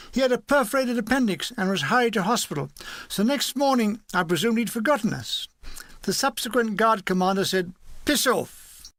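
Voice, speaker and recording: A man with a high, bright voice reads a comic war memoir with dry, deadpan timing. The recording is close and dry, with no room sound. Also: no echo. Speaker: audiobook narrator.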